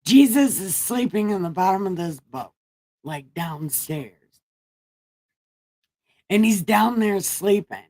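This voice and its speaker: A woman's voice: medium pitch, animated, slow, long pauses, mellow, no echo. A woman reading scripture aloud with crude, joking asides, an irreverent comedic reading. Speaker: comedy Bible reader.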